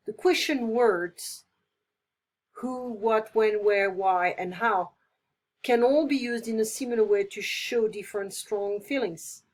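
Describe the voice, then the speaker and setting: Husky-voiced woman teaching English. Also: mid-range voice, slow pace. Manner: chatty, explaining phrases with playful examples. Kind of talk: casual online lesson.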